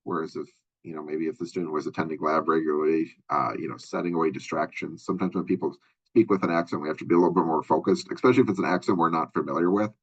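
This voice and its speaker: A man teaches a recorded college lecture in a very low, husky voice. He talks quickly and loosely, with fillers and friendly asides. The sound is dull and lo-fi. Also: steady tone. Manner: conversational, many fillers and asides. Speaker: college instructor.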